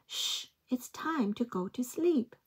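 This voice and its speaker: Woman playing a sleepy zebra, whispering hush. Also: a little high, lively intonation, slow, slightly rough, voice pushed up, exaggerated voice. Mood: shushing. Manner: soft hushed whisper. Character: very tired zoo zebra, gently shushing.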